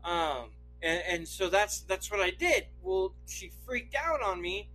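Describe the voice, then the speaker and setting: This man has a high, bright voice, and he tells a long story in a loose, chatty way. He swears constantly and keeps breaking into laughter. His manner is relaxed and casual. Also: a little slow, soft background music, poor audio. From Idaho, US. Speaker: podcast storyteller. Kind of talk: casual anecdote telling.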